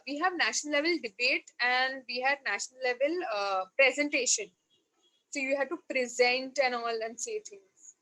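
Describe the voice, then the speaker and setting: A woman with an Indian English accent, a podcast guest telling a story in casual conversation, animated, laughing often and acting out dialogue. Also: sits high, rough recording. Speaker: podcast guest, marketing head.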